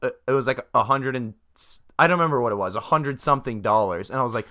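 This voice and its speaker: A man's voice: mid-range voice, lively intonation, quick pace, pushed and bright. Casting: young male podcast co-host, swears constantly, rambles through anecdotes. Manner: profane, rambling storytelling. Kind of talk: casual chat.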